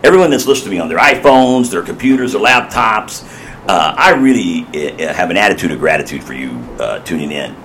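A man hosting a Christian podcast, exuberant and bursting with praise and excitement. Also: low voice, brisk, slight background noise. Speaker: podcast host. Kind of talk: enthusiastic Christian podcast chat.

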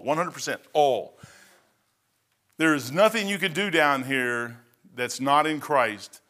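A man pastor preaching a sermon in a church, emphatic, swinging between loud declarations and quiet, dropped lines. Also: a little high.

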